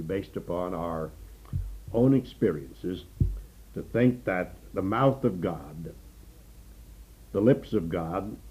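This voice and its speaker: A man preaching an unhurried expository sermon on the radio, pausing often with fillers. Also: on the low side, dark tone, husky, rough recording.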